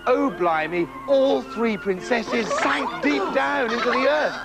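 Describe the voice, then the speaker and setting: A man narrating a comic fairy tale in a playful, animated way with jokey asides. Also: very high voice, slow pace, loud music behind the voice, poor audio. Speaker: storyteller.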